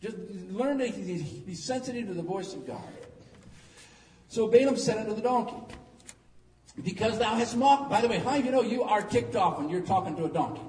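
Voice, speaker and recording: Middle-aged preacher guy, folksy and jokey, fairly high voice, big echoey church, mic kinda far off. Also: fairly quick. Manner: folksy, joking, animated storytelling. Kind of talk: sermon. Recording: echoey hall, distant mic, faint noise.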